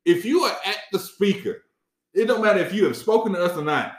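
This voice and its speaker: A man telling stories in a casual chat, animated and profane, laughing often. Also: sits high, brisk, roomy sound.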